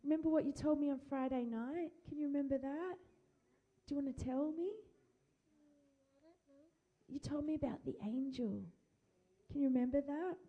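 Woman pastor, high warm voice, gentle, encouraging, repetitive phrasing, handheld mic in a church. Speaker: pastor leading a church service. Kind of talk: worship prayer and children's talk. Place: church hall. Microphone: handheld microphone.

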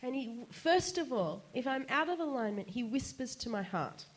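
A woman giving a casual, chatty sermon, animated and laughing often, her voice jumping up for quoted asides. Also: high voice, normal speed, slight background noise. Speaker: preacher.

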